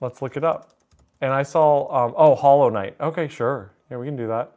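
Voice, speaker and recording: Warm in tone, medium in pitch and at a normal speed, a man chats casually while live-streaming at the piano. He takes song requests, reads the chat aloud and jokes around over background piano music.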